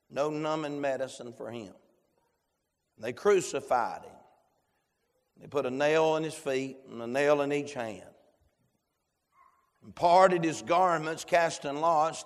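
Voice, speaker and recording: Male preacher, slightly high voice, deliberate slow delivery, long church reverb. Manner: slow, emphatic preaching with prayer cadence. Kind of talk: sermon, reading scripture aloud. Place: church sanctuary.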